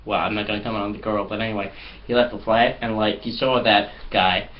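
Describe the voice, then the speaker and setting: A man's voice: on the low side, fairly even intonation, quick pace. A man telling anecdotes in a comedic mock interview, in a boastful, rambling way. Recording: slightly muffled with faint hiss.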